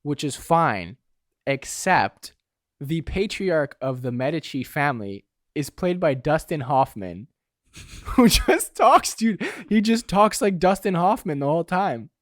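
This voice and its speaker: A man's voice: fairly high pitch, sing-song, unhurried, no room sound. Young male podcast co-host, easygoing filler-heavy chat, dry mic. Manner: laid-back, says "dude" and "like" a lot. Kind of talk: casual chat.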